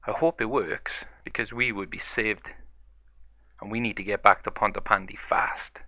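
A man voicing a friendly adult fireman in a toy-play story, relieved and warm-hearted. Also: fairly low pitch, steady tone, moderate pace, dry recording, muffled recording.

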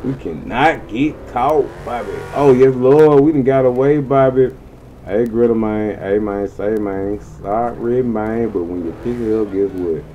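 A man giving casual, slang-heavy gameplay commentary in an excitable way, swearing freely and yelping high when things go wrong. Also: a little slow, dull audio, a little hiss or hum. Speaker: gaming channel host.

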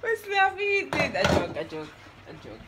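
A woman's voice: high-pitched, wildly swooping pitch, brisk. Playful Jamaican woman vlogging in a noisy kitchen. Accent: Jamaican, mixed with British. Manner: playful, laughing, bossy with instructions. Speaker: vlogger host. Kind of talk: casual cooking vlog chat. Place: home kitchen.

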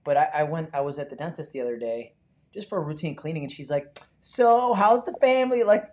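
A man's voice: fairly high pitch, fast. A man hosting a live talk show, chatting casually and joking with voices of people he meets. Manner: lively, jokey, acts out voices. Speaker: host. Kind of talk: casual chat.

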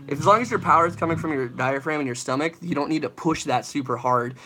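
A man's voice: fairly high pitch, fast, bright, forceful tone, a little hiss or hum. A young man, a vocalist, chatting loosely and swearing while he answers live chat questions about singing. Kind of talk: casual livestream Q&A.

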